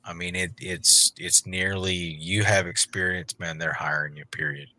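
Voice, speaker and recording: A man bantering and joking in a relaxed way on a livestream. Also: low voice, normal speed. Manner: joking, teasing, rambling.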